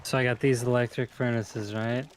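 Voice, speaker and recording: A man chatting casually on a game stream, easygoing as he tells stories and explains his setup to his viewers. His voice sits at an ordinary mid pitch. A faint hiss runs behind him. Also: steady tone, moderate pace. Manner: laid-back storytelling, chatting to viewers. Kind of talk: casual gaming stream chat.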